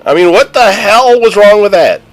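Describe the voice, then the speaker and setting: A man hosting a casual radio talk show, rambling and animated with lots of fillers. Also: high voice, normal speed. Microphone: studio microphone.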